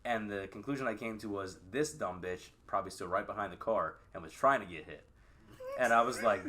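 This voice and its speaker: A man co-hosting a podcast tells a story bluntly, swearing as he goes. His voice sits a little low. The tone is very bright and cutting. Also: moderate pace. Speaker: podcast co-host. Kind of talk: casual chat.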